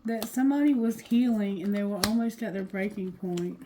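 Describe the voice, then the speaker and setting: A woman giving a casual tarot reading to her viewers, talking loosely and cursing, going quieter when she asks the cards. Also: medium pitch, a little fast, noisy background. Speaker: tarot reader.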